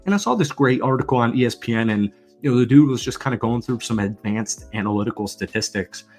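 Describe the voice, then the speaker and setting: Male sports vlogger, emphatic ranting delivery, mid-pitched, faint music underneath. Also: fast talker, a little mellow. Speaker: football channel host. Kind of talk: sports commentary vlog rant.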